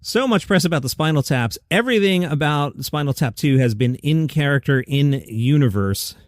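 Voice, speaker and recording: A middle-aged man hosting a comedy news podcast from his basement, reading headlines and adding wry, animated asides. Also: a little high, no echo, studio quality. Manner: wry, animated, quick side comments. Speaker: podcast host. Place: home basement studio.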